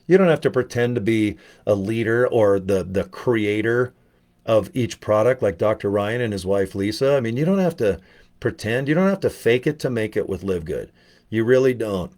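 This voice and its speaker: A man's voice: lowish voice, lively intonation, moderate pace, darkish tone. A middle-aged man promoting network marketing in a casual motivational video, talking in a loose, rambling way with frequent swearing and restarts.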